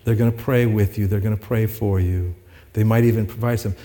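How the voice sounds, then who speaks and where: A man's voice: lowish voice, steady tone, brisk, mellow. A man preaching a sermon to his congregation, conversational and rising to emphatic peaks. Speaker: pastor. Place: church sanctuary with congregation. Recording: long hall reverb.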